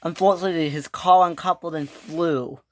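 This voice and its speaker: A woman's voice: on the low side, steady tone, normal speed, a little hiss or hum. A woman narrating an improvised toy train story in a breathless, stumbling way.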